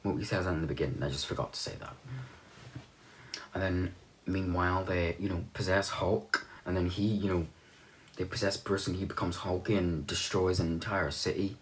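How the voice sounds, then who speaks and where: A man's voice: low voice, steady tone, normal speed, pauses often, slight background noise. A young man giving a rambling, offhand recap of a movie's plot, swearing now and then. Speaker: movie reviewer.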